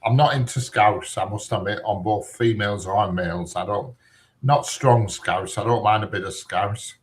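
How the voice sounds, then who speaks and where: A man's voice: fairly low pitch, normal speed, slight background noise. A middle-aged man, chatting casually and rambling from one point to the next with plenty of fillers. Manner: rambling, digressive, lots of fillers. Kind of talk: casual chat.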